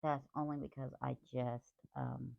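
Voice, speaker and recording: A woman's voice: extremely low pitch, little pitch movement, unhurried, gravelly, no room sound. A woman craft vlogger rambling in a casual, apologetic chat about her week. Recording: tinny phone-like dry sound.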